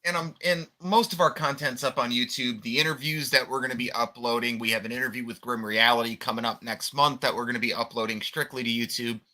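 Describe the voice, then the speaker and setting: A Michigan man co-hosts a wrestling podcast, chatting bluntly, cussing, and plugging the channel. His medium-pitched voice is pushed and bright, fast with hardly any pauses and fairly even intonation.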